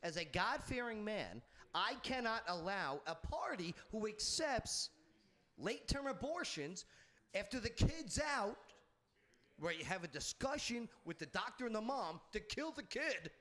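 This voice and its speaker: A man's voice: high-pitched, sing-song, unhurried, bright, forceful tone. A man hosting a political panel discussion, talking emphatically and repeating his points. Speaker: talk show host.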